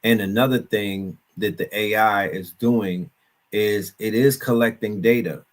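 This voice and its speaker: A man with a fairly low voice joins a casual discussion as a guest. He explains his ideas in a confident, speculative manner. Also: steady tone, unhurried. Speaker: guest speaker.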